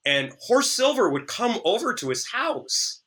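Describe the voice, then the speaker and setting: A man who works as a DJ, chatting as a podcast guest, animated and sarcastic, often stammering as he restarts sentences. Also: high voice, measured pace. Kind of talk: casual chat.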